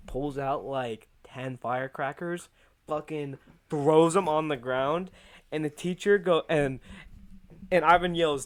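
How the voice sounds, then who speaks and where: A man's voice: fairly high pitch, unhurried. A man telling a long rambling anecdote in casual podcast chat, swearing often and breaking into laughs. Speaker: podcast co-host. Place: indoor podcast setup.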